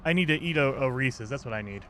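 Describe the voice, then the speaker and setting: A man's voice: mid-range voice, animated, quick pace, sharp tone, slight background noise. A man streaming a game, chatting casually and rambling through a rant while reading his chat. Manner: rambling, ranting, reads chat aloud.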